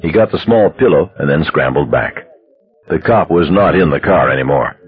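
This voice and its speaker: A man narrating an audiobook in a steady, measured storytelling manner, on a dull lo-fi recording. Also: rumbling low, slightly rough.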